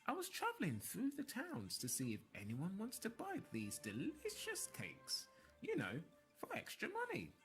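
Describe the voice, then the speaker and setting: A woman's voice: medium pitch, huge pitch swings, measured pace, faint music behind, voice pushed up. A woman voicing a friendly, chatty young baker. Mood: cheerful. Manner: cheerful, chatty.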